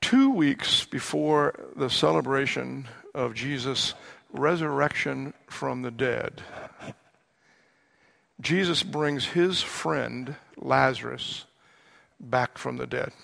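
A man preaching a sermon, earnest and slowing down to stress his key words. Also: mid-range voice, lively intonation, creaky, fairly bright tone. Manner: earnest, slows down for emphasis. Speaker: pastor.

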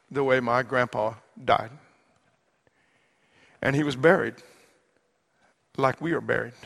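A man preaching a sermon, earnest and slowing down to stress his key words. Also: mid-range voice, gravelly, fairly bright tone. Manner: earnest, slows down for emphasis. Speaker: pastor.

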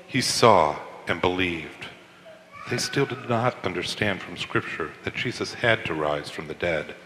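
A man narrating a dramatic group scripture reading, with expressive, emphatic delivery in a reverberant hall. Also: low-pitched, a little slow, a little hiss or hum. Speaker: scripture reader.

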